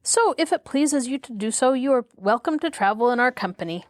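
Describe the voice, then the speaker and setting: A woman reading aloud as a gentle, kind-hearted male tin man who speaks politely and keeps the peace. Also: on the high side, animated, brisk, no echo, clean studio sound, voice pushed up, natural voice.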